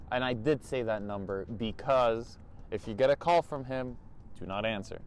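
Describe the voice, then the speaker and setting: A man's voice: mid-range voice, moderate pace, a little hiss or hum. A teenage boy telling a story to his channel in a chatty, exasperated way. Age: teens. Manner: animated, chatty, exasperated asides. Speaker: youtuber. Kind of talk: casual storytime vlog.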